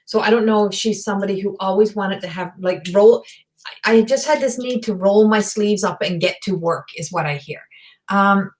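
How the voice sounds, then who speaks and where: A woman giving a live online psychic reading. She talks in a halting, rambling way, full of fillers and restarts, and passes on messages in a direct, earnest manner. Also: mid-range voice. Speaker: psychic medium. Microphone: video call or webcam.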